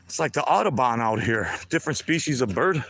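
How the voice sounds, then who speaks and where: A man's voice: medium pitch, lively intonation, brisk, a bit bright, slight background noise. Chatty sixty-year-old man on a walk. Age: 60s. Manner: talks to himself while walking, chatty and upbeat. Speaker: vlogger. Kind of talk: live walking vlog. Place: outdoors on a lakeside trail.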